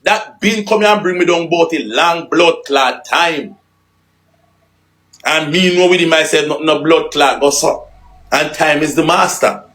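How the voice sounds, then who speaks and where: A man's voice: on the high side, measured pace, a bit bright. A man with a Jamaican accent in a heated, profane, taunting live-stream rant that repeats its jabs.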